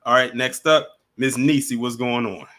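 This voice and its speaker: A man's voice: mid-range voice, moderate pace. A man hosting a live stream, chatting casually and taking callers one by one. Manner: relaxed, chatty, laughs along with callers.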